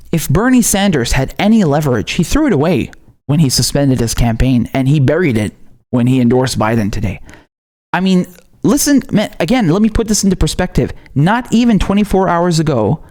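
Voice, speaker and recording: A man from Syria hosts his own political show in a raw, heated rant. He swears freely and doubles up his words as he pushes his points, and his voice sits a little high for a man. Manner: profane, animated, repeats words when worked up. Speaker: political commentary host.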